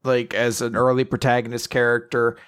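A man's voice: medium pitch, flat delivery, brisk, a bit bright, clear, resonant tone. A man co-hosting a podcast, chatting casually in a thoughtful, hesitant way. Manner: thoughtful, hesitant, laughs easily. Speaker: podcast co-host. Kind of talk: casual chat.

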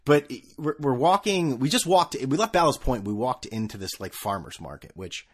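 A man's voice: mid-range voice, sing-song, normal speed. A man hosting a podcast, rambling through a self-mocking comic story with many restarts. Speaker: podcast host. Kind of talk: comedic storytelling.

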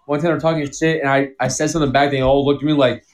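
A man's voice: mid-range voice, flat delivery, fast. A man who is a guest on a casual live chat, joking in a laid-back, profane way.

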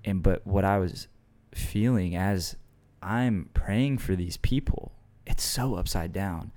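Man, co-host, low warm voice, earnest and reflective. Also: takes it slowly. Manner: earnest, reflective, faith talk. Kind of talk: casual chat.

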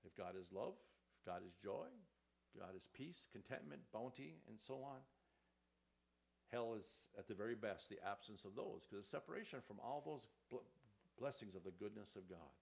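A man's voice: fairly low pitch, lively intonation, normal speed, vocal fry, darkish tone. A man preaching a sermon as pastor, reading scripture aloud with rising emphasis.

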